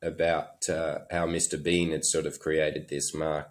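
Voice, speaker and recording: A man's voice: very deep voice, little pitch movement, a little slow. An Australian man, a horse trainer and podcast guest, telling stories in a loose, chuckling way with lots of fillers. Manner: chuckling, loose anecdotal delivery with many fillers. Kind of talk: casual interview storytelling.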